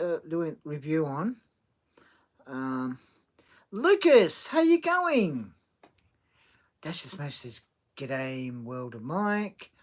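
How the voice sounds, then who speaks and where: A man hosting a casual livestream, talking haltingly with many restarts and reading chat comments aloud. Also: medium pitch.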